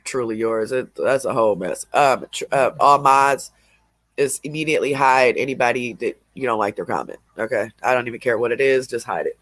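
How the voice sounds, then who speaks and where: A man hosts a casual livestream, stuffy and sniffling from allergies. He rambles in a drawl at an everyday pitch. His voice sounds close and dry, with no room around it. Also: brisk, a bit bright, no room sound. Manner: rambling, drawling, laughs between remarks. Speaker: livestream host.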